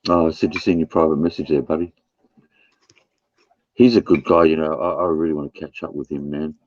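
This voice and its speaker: A man's voice: rumbling low, steady tone, fairly quick, no echo, highs cut off. A man hosting a livestream, chatting casually, swearing and laughing often. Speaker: livestream host. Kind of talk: casual chat.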